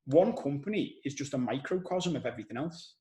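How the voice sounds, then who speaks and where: A man with a Scouse accent hosting a podcast, telling stories in an animated, casual way and swearing now and then. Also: a little high, brisk, echoey room, poor audio. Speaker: podcast host. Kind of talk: casual conversational podcast chat.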